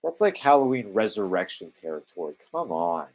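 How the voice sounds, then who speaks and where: This Canadian-accented man live-streams movie commentary, talking over a film with exasperated sarcasm and plenty of swearing. His fairly low voice swings widely in pitch, and he speaks fairly quickly.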